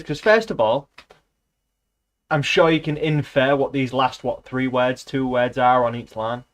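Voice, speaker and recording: A man's voice: mid-range voice, measured pace. A man streaming himself reading a novel aloud, breaking off for sarcastic, sweary asides. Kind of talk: casual reading aloud with commentary.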